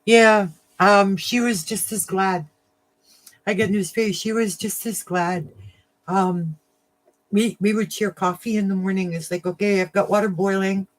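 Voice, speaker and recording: A woman hosting a casual crafting livestream, chatting warmly with viewers, getting emotional and laughing often. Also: mid-range voice, fairly even intonation, a little slow. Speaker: livestream host of a crafting channel.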